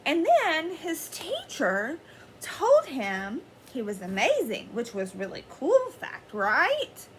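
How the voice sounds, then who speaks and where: A woman teacher reading a picture book aloud to children in an expressive way, pausing to ask them questions. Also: high-pitched, a little hiss or hum. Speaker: elementary school teacher. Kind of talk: children's story read-aloud.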